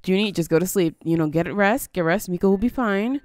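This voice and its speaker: A woman's voice: medium pitch, a little fast, a little mellow, no room sound, faint music behind. A woman giving casual let's-play commentary, chatty and easily surprised, coaxing her game character along. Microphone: headphones on, desk mic.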